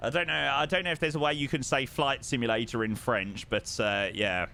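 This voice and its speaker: A man's voice: medium pitch, fairly even intonation, fairly quick, gravelly, bright, forceful tone. A young man chatting casually on a live flight sim stream, greeting viewers, reading chat aloud and humming to himself.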